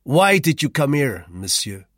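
A man's voice: medium pitch, very animated, a little slow, no echo, clean studio sound, voice pushed up. A man voicing an arrogant, irritable, suspicious man in an audiobook, speaking curtly and boastfully. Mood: demanding. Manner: curt and boastful, loud and clipped. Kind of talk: audiobook character voice.

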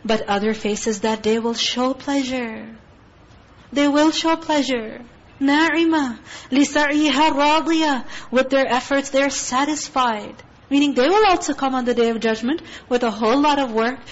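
A woman with a high voice teaches a Quran tafsir lesson. She speaks earnestly, asking rhetorical questions and reciting Arabic verses quickly between explanations. The recording sounds dull and lo-fi.

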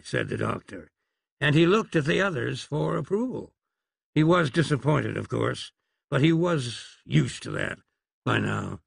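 Male audiobook narrator, wry, gravelly, husky. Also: medium pitch, animated, unhurried, no room sound. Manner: wry, dry humor. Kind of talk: audiobook reading.

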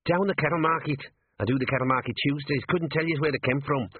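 Storybook part: a combative little gnome ratcatcher, male, pitched up high, husky edge, tinny lo-fi sound, played by a man. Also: fast, dry recording. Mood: cocky. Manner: combative, rough working-class grammar. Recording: tinny lo-fi narrow-band audio.

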